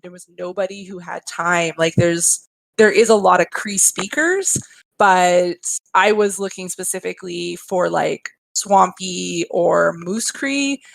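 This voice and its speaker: A woman's voice: on the low side, unhurried, vocal fry, no room sound, poor audio. A young woman game developer talking casually in a panel chat, chatty with lots of fillers and laughter. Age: young adult.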